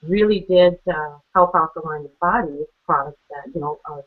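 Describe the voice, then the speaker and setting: Over phone-line audio, a female guest speaker on a training call shares her personal testimony in a fairly low, steady voice at normal speed with hardly any pauses. She's chatty, laughs often, and acts out the conversations she remembers.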